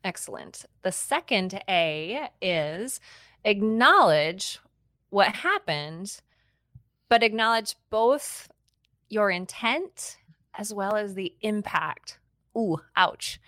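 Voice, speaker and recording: A woman of middle pitch hosts a parenting podcast and lays out each step clearly. She sounds encouraging and instructive. The sound is dry and close-miked. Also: very animated, slow pace, fairly bright tone, no echo. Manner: encouraging, explains steps clearly. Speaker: parenting podcast host and educator.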